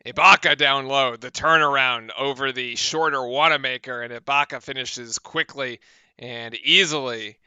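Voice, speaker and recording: A man calling basketball play-by-play in a very bright, crisp voice. He snaps through the action with brisk energy. The sound is close and dry, with no room around it. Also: medium pitch, no room sound. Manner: brisk, excited calls of the action. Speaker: play-by-play commentator.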